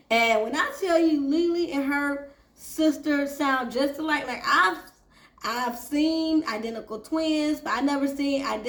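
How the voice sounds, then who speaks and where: A woman's voice: high voice, a bit bright, echoey room. A woman hosting a casual TV recap and review, chatting straight to her viewers. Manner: chatty, addresses viewers as y'all. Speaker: TV recap host.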